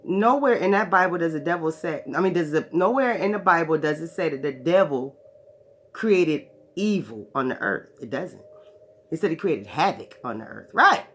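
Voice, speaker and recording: A woman's voice: deep voice, lively intonation, normal speed, slight background noise. A woman teaching spiritual ideas to her followers in a profane, emphatic monologue, often checking in with "right". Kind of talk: preaching monologue.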